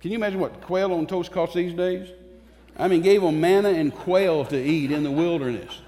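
A man with a high, warm voice preaches a sermon to a church congregation, fervent and emphatic, using pauses and repeating phrases for force. The long reverb of a church hall surrounds him in the sanctuary.

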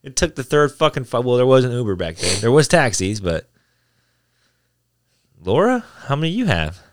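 A man talking in a casual chat, animated and profane as he tells stories. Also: mid-range voice, normal speed.

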